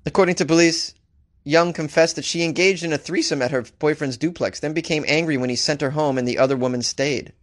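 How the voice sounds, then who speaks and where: A man's voice: a little high, brisk, dry recording. Joking male comedy podcast host. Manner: animated, joking, reads news aloud with asides. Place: home studio, Los Angeles.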